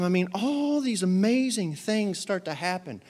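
A man's voice: high voice, unhurried. A man preaching a sermon as pastor, telling Bible stories with jokes and acted-out quotes. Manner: lively, joking storyteller who acts out quotes.

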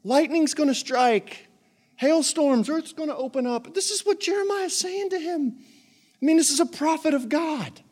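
A man preaching a sermon as pastor, telling Bible stories with jokes and acted-out quotes. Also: extremely high pitch. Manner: lively, joking storyteller who acts out quotes.

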